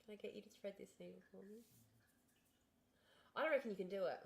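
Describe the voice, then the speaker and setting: A woman's voice: mid-range voice, quick pace, gravelly. A young woman livestreaming from home, chatting frankly and casually straight to her viewers into a desk microphone. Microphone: desk streaming microphone.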